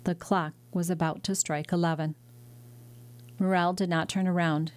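A woman reading a classic novel aloud as an audiobook narrator, in a measured, dramatic way. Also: fairly low pitch, steady tone, clear, resonant tone. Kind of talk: scripted narration.

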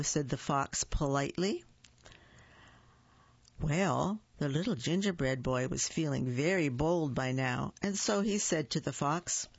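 Slow, gravelly woman reading storybooks aloud. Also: low voice, no echo. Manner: deliberate, expressive read-aloud. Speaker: storybook reader. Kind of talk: reading children's books aloud. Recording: dull lo-fi recording.

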